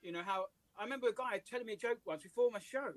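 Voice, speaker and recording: An English comedian telling animated anecdotes with voices and laughs in a casual interview over a video call. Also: male voice, high-pitched, racing, poor audio. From England. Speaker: comedian guest.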